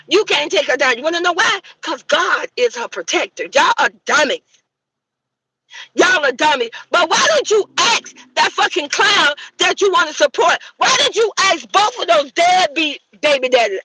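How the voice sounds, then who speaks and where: A middle-aged woman hosting her own channel, delivering a furious, profane gossip rant full of shouted rhetorical questions. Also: very high-pitched, rough recording. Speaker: channel host. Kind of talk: angry gossip commentary rant.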